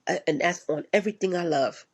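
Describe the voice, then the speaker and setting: Woman, husky voice, casual profane rant, blunt and repetitive. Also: lowish voice, a little fast. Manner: blunt and profane, repeats herself for emphasis.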